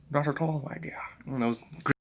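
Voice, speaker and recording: A man chatting on a phone live stream in a loose, rambling way, chuckling as he answers viewers' comments and tries out bits of German. His voice sits a little high for a man and has a gravelly fry running through it. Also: muffled recording, slight background noise. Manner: tries out playful German phrases. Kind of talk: casual live-stream chat.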